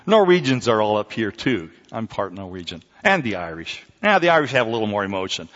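A middle-aged man preaching a sermon, swinging between loud exclamations and hushed near-whispers, with joking asides. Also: on the low side, big pitch swings, moderate pace, in a large hall, dull audio.

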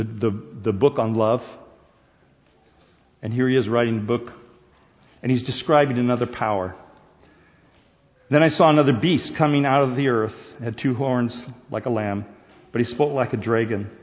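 A man preaching a sermon, talking to the congregation in a conversational way and asking them questions. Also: mid-range voice. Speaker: pastor. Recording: dull recording with long hall reverb.

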